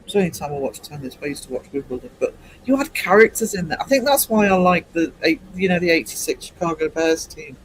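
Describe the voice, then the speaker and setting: An English man in his fifties hosting a casual late-night livestream, rambling and hesitant with many pauses. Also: fairly high pitch, expressive, a bit bright, slight background noise, rough recording. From England. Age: 50s. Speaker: livestream host.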